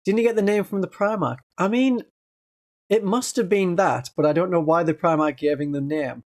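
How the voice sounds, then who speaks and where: A streamer from northeast England with a Northeast English accent, chatting casually on a livestream in a gentle voice and laughing often. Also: mid-range voice, normal speed.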